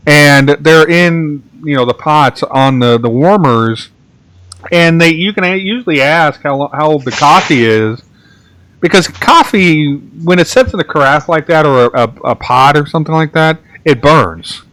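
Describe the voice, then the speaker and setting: A man's voice: on the high side, lively intonation, normal speed, fairly bright tone, no echo. Rambling man, dry close sound. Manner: rambling storyteller, many restarts and "like"s. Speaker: podcast host. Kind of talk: casual chat.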